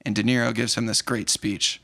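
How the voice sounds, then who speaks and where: A man hosting a podcast, retelling a romance film in an animated, openly sentimental way. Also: lowish voice, fairly quick, creaky. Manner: animated storyteller, acts out movie lines. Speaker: podcast host. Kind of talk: casual movie recap chat.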